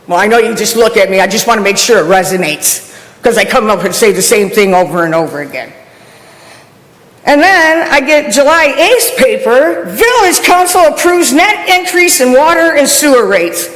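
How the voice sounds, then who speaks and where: A woman's voice: fairly high pitch, lively intonation, normal speed, fairly bright tone. A frustrated woman giving public comment at a council meeting, firing off pointed questions. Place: council chamber. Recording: echoey hall, room mic.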